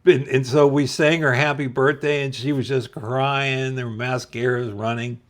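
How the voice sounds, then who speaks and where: A man's voice: medium pitch, fairly even intonation. A middle-aged man casually telling a funny school story to his viewers, laughing at himself along the way. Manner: slow, laughing, self-deprecating. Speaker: channel host telling a story.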